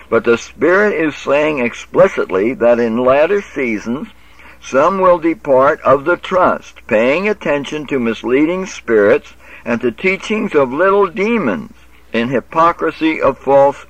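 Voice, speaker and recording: A man's voice: mid-range voice, dry recording. A man giving a Bible teaching lecture, reading verses aloud and explaining them in an instructive way. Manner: instructive, quotes scripture and corrects himself. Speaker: preacher. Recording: dull lo-fi audio.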